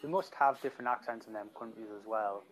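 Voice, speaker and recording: A man's voice: lowish voice, fast, rough recording. A man with a Geordie accent from Newcastle co-hosting a podcast in plain, self-mocking casual chat. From Newcastle, England. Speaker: podcast co-host.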